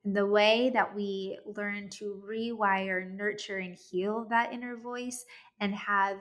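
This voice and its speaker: A woman's voice: mid-range voice, slow. A woman in her thirties telling a personal story in a talk, acting out what she and others said along the way. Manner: animated storytelling, acts out her own quoted lines. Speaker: speaker giving a talk.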